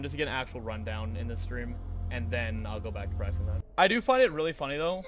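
A young man chatting casually and jokingly while live-streaming a speedrun, often laughing. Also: medium pitch.

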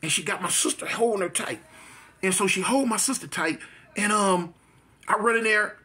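A man with a fairly high, bright and forceful voice recounts his own past in a loose, conversational way. He circles back on phrases and brings the story to life with his own sound effects. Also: moderate pace, breathy edge. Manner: vivid storyteller who repeats phrases and mimics gunshots. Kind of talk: personal life story, casual telling.

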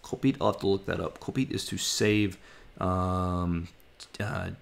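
Deep gravelly-voiced man thinking aloud. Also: steady tone. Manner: halting, sounds words out, self-correcting. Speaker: language-learning vlogger. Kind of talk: casual study vlog, thinking aloud.

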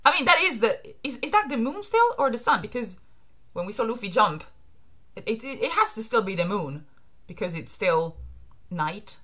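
A woman making a reaction video, reading comic pages aloud in an excitable, gushing way, mixing laughter with whispered pleading. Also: fairly high pitch, normal speed. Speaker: manga reaction vlogger.

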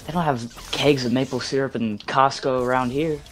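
A woman chats in a laid-back way with short replies while playing as a teammate. Her voice sits very low for a woman, and it comes through a noisy voice chat line. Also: steady tone, normal speed. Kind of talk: casual gaming chat.

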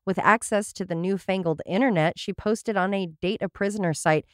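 A woman's voice: medium pitch, brisk, dry recording. A woman hosting a casual podcast, telling stories with dry, sarcastic asides. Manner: wry, sarcastic asides while reading a story. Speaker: podcast host.

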